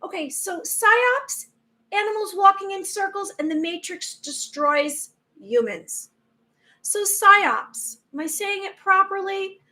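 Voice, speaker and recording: A woman's voice: very high-pitched, expressive, slow pace, pushed and bright. A woman hosting a spiritual live stream, talking in an earnest, rambling way with many restarts. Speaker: spiritual livestream host. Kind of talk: casual live-stream talk.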